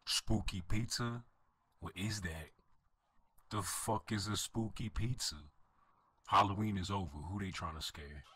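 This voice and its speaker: A man's voice: on the low side, a little slow, long pauses, pushed and bright, breathy edge. A young man with a brash, profane, incredulous manner, performing a crude comedy skit.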